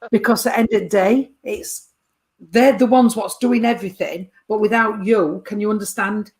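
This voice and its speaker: A spiritualist medium gives a sitter a chatty reading, calling them darling and sweetheart and repeatedly asking if they understand. Her medium-pitched voice keeps a fairly even intonation at a moderate pace.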